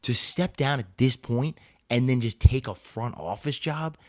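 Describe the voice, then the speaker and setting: A man's voice: medium pitch, measured pace, a little mellow, no echo, studio quality. A man co-hosting a sports podcast in casual chat, blunt and sarcastic, ranting with heavy swearing. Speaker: podcast co-host.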